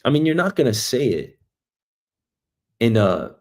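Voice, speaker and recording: A man from Queens, hosting a show and telling a meandering comic story, swinging between loud bursts and quiet asides. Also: medium pitch, big pitch swings, unhurried. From Queens, New York, US. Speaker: show host. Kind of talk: rambling comic monologue. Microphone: streaming mic.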